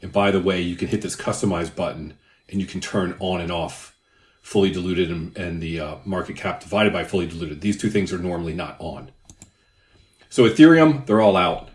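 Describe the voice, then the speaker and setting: A man's voice: low-pitched, brisk. An older man who hosts a crypto channel, explaining market figures in a casual, conversational way with rambling asides. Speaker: crypto YouTuber. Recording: roomy echo.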